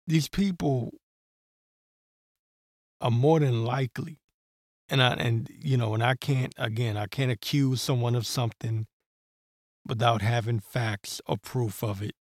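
A man's voice: medium pitch, slow, long pauses, no room sound, clean studio sound. A man hosting a solo podcast, talking in a rambling, heated way with profanity and many fillers. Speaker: podcast host. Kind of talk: solo political commentary.

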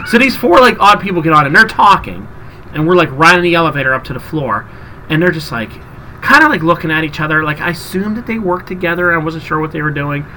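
A man's voice: a little high, quick pace, a little hiss or hum, low-quality recording. A man hosting a podcast, telling a story in casual chat and acting out the people in it. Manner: animated storyteller, acts out quotes. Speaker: podcast host.

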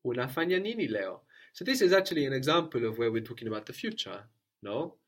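A man's voice: mid-range voice, sing-song, quick pace. A man guiding a language lesson, prompting a learner and repeating her answers in a patient, encouraging way. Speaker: language teacher.

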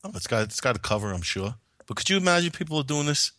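A man's voice: medium pitch, very animated, fast, sharp tone, no echo, clean studio sound. A man co-hosting a casual radio chat, talking bluntly and swearing.

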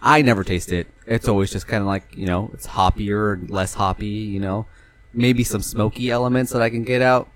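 A man's voice: lowish voice, steady tone, brisk. A young man from California chatting on a podcast, rambling loosely, swearing casually and laughing easily. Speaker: podcast co-host. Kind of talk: casual chat.

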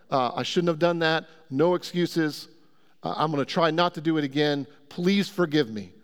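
A pastor preaching a sermon in a conversational way and asking the congregation questions. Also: male voice, high voice. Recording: long hall reverb.

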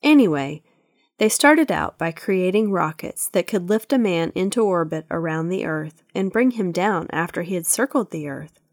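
Give me a woman doing a calm old grandfather explaining things, lower voice, dry. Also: moderate pace, no room sound. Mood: patient. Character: older grandfather, patient, fond of explaining.

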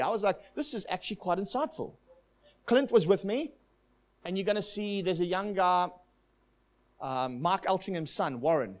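A man with a high-pitched voice preaches to a congregation. He tells a long testimony in an animated, storytelling way and quotes the people in his story. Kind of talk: sermon with testimony.

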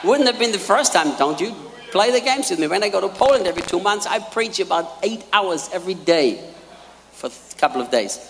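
A man's voice: sits high, lively intonation, fairly quick. Male preacher, emphatic sermon, repeats key lines, long hall reverb. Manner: emphatic, repeats key lines, swings between quiet asides and loud peaks.

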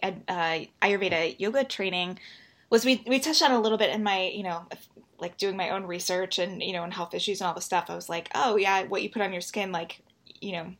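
A woman's voice: mid-range voice, brisk, fairly bright tone. A woman hosting a casual podcast interview, chatty and enthusiastic, asking long rambling questions. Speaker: podcast host.

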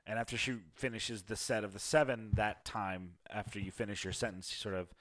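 A man's voice: fairly low pitch, steady tone, a little fast, a bit bright. A man narrating a tabletop game as game master in a casual, hesitant way. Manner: casual, hesitant, with many fillers.

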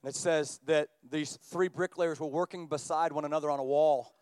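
A man preaching a sermon as pastor, building up with animated emphasis and quickening delivery. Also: clean tone, dry recording. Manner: animated preaching, rising in pitch and volume as he builds.

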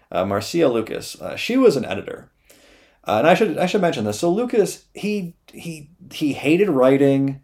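A young adult man hosting a podcast, retelling a story casually in a loose, profane, animated way with lots of "uh". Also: medium pitch.

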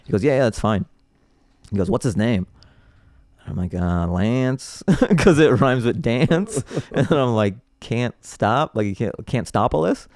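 A male comedian guest on a podcast, telling stories in an animated, casual way and laughing often between phrases. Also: mid-range voice, unhurried, no echo, studio quality.

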